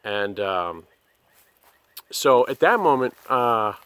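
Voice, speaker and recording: Earnest man telling a halting personal story. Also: mid-range voice, lively intonation, a bit bright, clean tone, no room sound. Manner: earnest, halting, with many pauses and restarts. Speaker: person sharing a personal testimony.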